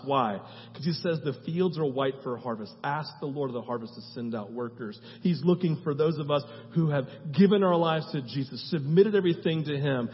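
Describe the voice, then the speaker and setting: Passionate pastor preaching in an echoing hall. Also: male voice, medium pitch. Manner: passionate and conversational, poses repeated questions. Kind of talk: sermon. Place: church sanctuary. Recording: reverberant hall, slightly dull sound.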